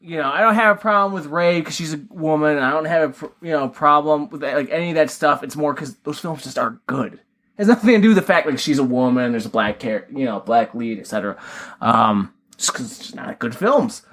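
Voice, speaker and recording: A man's voice: a little high, a little fast, fairly bright tone. A man co-hosting a podcast, reviewing a film in rambling, casual chat full of fillers and offhand swearing. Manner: mock voices when quoting characters. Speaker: podcast co-host.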